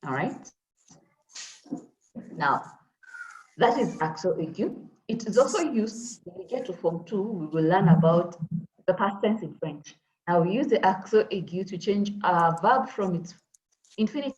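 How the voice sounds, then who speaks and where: A woman's voice: lowish voice, darkish tone, slight background noise, rough recording. Patient woman teaching French online. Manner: patient explaining with many fillers. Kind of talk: online class lesson. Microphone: video call.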